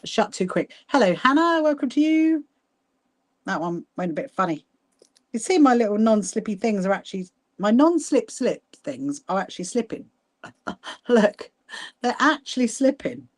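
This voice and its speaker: A woman hosting a casual sewing livestream, chatting warmly with viewers by name and laughing often as she works. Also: a little high, sing-song, normal speed. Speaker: livestream host. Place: sewing room at home.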